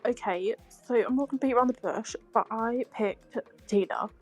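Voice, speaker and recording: A woman judge in a casual online chat, quick and joking. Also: a little high, soft background music. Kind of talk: casual chat on a video call.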